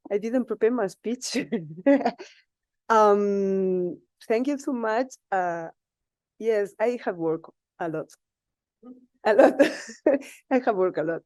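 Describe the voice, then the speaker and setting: A woman from Spain with a Spanish accent, giving an unprepared, emotional acceptance speech in halting English with laughs. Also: medium pitch, a little mellow, no room sound. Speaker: award winner.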